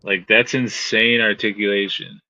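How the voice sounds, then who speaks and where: A man's voice: lowish voice, level tone, normal speed, sharp tone, dry recording. A man chatting casually, easygoing and filling his speech with "like" and "man". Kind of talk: casual chat. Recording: dull lo-fi audio.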